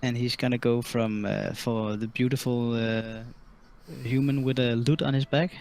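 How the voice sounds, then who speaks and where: A man running a tabletop game as dungeon master, narrating enemy moves in a relaxed, laughing, somewhat halting way. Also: medium pitch, vocal fry. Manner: relaxed, laughing, often hesitant.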